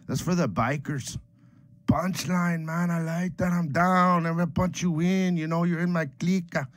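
A man's voice: on the high side, steady tone, moderate pace, no echo, natural voice. A man voicing a boastful, joking streetwise homeboy character who rambles and mixes Spanish slang words into his English, in a comedic character monologue. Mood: swaggering. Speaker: comic book collecting vlogger.

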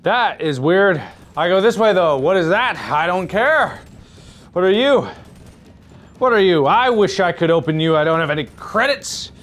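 A man in his thirties doing chaotic VR game commentary on a headset mic, swinging between loud outbursts and sick, out-of-breath muttering. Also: high voice, expressive, moderate pace. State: nauseous and out of breath. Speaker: gaming video host.

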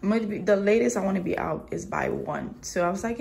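A woman's voice: mid-range voice, lively intonation, quick pace, vocal fry, hardly any pauses, darkish tone, slight background noise. A young woman vlogging on her phone, chatty, blunt and candid, with lots of slang. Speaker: travel vlogger. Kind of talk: casual vlog talk to camera. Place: hotel room.

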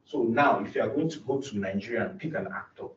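A man's voice: fairly low pitch, fast, a little hiss or hum. A young man, a doctoral student, gives an academic presentation in an earnest, explanatory way with frequent restarts. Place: presentation room. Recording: roomy, distant, dull lo-fi recording.

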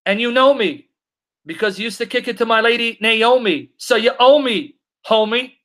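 A man with a very high-pitched, slightly bright voice teaches the Bible on a live Q&A stream, answering viewer comments. He reads scripture aloud slowly and deliberately, and he is emphatic, repeating his questions to drive each point home.

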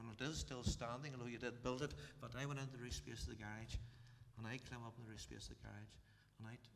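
A middle-aged Northern Irish man with a gravelly, creaky edge tells his own story to a church gathering, plain-spoken and halting at times. His voice carries a long hall reverb with a faint hum of room noise behind it. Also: mid-range voice. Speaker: church testimony speaker. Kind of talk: personal testimony to a congregation.

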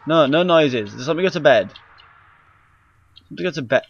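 A man's voice: on the high side, expressive, normal speed, breathy edge, dry recording, lo-fi sound. A man commentating a horror game he is playing, easily scared, swearing and yelping often, recorded on a handheld camera mic. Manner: jumpy, scared, swearing, frequent sudden yelps. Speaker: gaming YouTuber.

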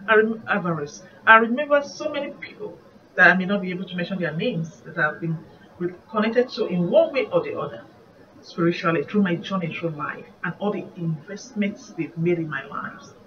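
A woman's voice: on the low side, lively intonation, a little fast. Earnest Nigerian woman preaching, distant mic. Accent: Nigerian English. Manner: earnest, reflective, reminiscing. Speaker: evangelist. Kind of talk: devotional sermon. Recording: muffled distant recording, faint background noise.

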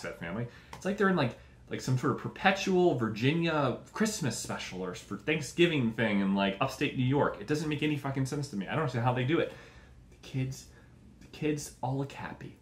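Male comedy host, lively swooping delivery, profane mocking rant, roomy echo. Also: medium pitch. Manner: profane, rambling, mocking, acts out quoted voices.

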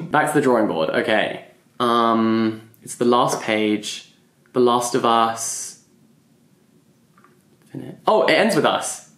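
Guy talking to himself through a book puzzle, mid pitch, chuckly, kinda echoey room. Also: creaky. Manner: musing, chuckles often, mutters guesses to himself. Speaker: book vlogger. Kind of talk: thinking aloud while solving a puzzle. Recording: roomy echo.

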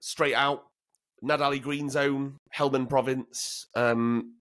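Slow and level, his fairly bright mid-range voice carries frank, cursing-heavy anecdotes as a guest in a laid-back interview. The man is a former commando from Northern England, and he habitually repeats words as he begins.

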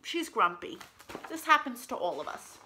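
Lively, bright-voiced woman reading to kids. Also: fairly high pitch, moderate pace, a little hiss or hum. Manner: animated and encouraging, with playful made-up words. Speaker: children's librarian. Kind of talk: storytime read-aloud for kids.

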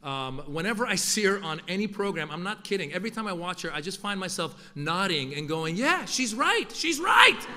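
Here a man from Iran who grew up in Northern California does stand-up while hosting a formal event, keeping it playful and punchy. He speaks fairly quickly in a high-pitched, pushed, bright voice, rarely pausing, and the recording carries hall echo and faint noise.

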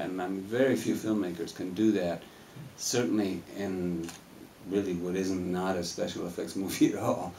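A man on a film Q&A panel, talking in a rambling, animated way and laughing as he tells stories in a cinema hall. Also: low-pitched, moderate pace, few pauses, recorded from a distance, slight background noise. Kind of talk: casual live Q&A storytelling. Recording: echoey hall, mic heard from afar.

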